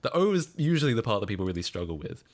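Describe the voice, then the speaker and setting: A man's voice: lowish voice, sing-song, rapid-fire. A man with an Australian accent streaming casual reaction commentary, rambling with frequent fillers, restarts and laughing asides.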